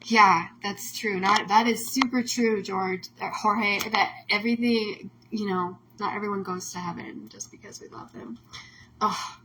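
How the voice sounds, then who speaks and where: A woman's voice: mid-range voice, fairly even intonation, measured pace, noisy background. A woman host talking casually on a livestream, emotional and rambling, full of "like" fillers. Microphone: phone or webcam on a livestream.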